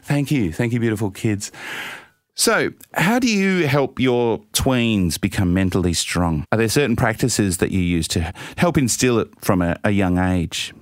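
A man hosting a casual parenting panel, telling stories about his own family in an animated, self-mocking way. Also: fairly low pitch, measured pace, no echo, clean studio sound. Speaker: host.

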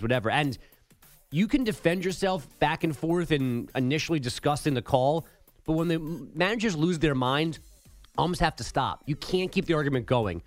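A man co-hosting a sports radio show, laying out his argument at length in a measured way. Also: mid-range voice. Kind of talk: casual sports radio banter.

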